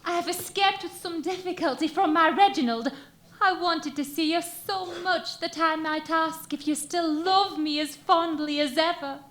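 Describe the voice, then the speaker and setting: A woman's voice: extremely high pitch, normal speed, fairly bright tone. A woman playing an earnest young milkmaid torn between duty and love, acting melodramatically on stage. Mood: melodramatic. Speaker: stage actor. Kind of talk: amateur stage musical acting. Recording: echoey theater stage.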